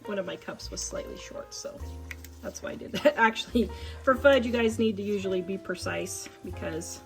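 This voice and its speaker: A woman's voice: mid-range voice, moderate pace, faint music behind. A woman with a Kansas accent hosting a casual cooking demonstration in her home kitchen, chatty and joking, laughing often. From Kansas, USA. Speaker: cooking show host.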